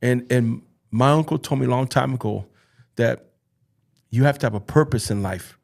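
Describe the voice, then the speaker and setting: An earnest man talks as a podcast guest about his life in football. He speaks in halting bursts and circles back over his own phrases. His voice sits at an ordinary middle pitch for a man. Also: creaky, a little mellow. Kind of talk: emotional personal storytelling.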